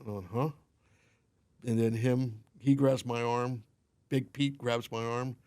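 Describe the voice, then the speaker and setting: A man's voice: medium pitch, slow. A man guesting on a podcast, telling stories casually and acting out the quoted dialogue. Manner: animated storyteller, acts out quoted dialogue. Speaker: podcast guest, limo company owner.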